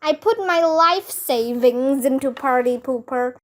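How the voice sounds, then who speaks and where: A woman voicing an excitable male teacher who shouts and frets dramatically in a storybook reading. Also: sits high, a little slow. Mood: excited.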